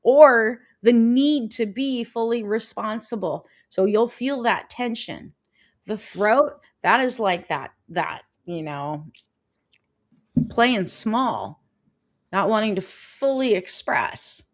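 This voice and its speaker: A woman hosting a live-stream coaching talk, animated, often repeating phrases and answering viewers' comments. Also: on the high side, slow.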